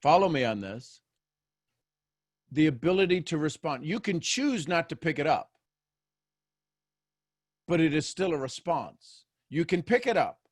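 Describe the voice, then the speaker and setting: Man, fairly high voice, dry close sound, motivational host, asks listeners questions, repeats phrases. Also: big pitch swings, measured pace, long pauses, breathy edge, dry recording. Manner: asks the audience questions, repeats phrases while building a point. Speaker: host of a daily motivational show. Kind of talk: live motivational talk to listeners.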